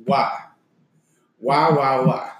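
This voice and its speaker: A man's voice: medium pitch, very slow. Chatty man in an echoey room. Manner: animated, laughing, mimics others' voices. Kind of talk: casual storytelling chat.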